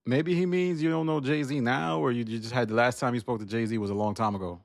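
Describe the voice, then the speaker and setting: A male podcast host puts his questions in a relaxed, easygoing way, often with a laugh. His voice sits at a middle pitch. The sound is dry and close, with no room echo. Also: brisk, vocal fry. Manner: easygoing, laughs while asking. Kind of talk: interview questions.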